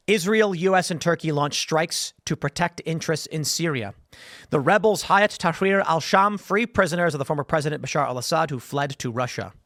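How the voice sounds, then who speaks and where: Male political show host, slightly high voice, dry close sound, rambling delivery with repeats. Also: a bit bright, dry recording. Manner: rambling, repeats words, reads headlines aloud. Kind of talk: solo news commentary.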